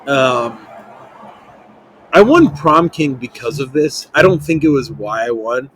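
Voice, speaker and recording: A young man hosting a podcast, telling a long story in casual chat, full of "like" fillers and animated quotes. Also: medium pitch, measured pace, slight background noise, rough recording. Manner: rambling, lots of "like" fillers, animated quoting. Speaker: podcast host.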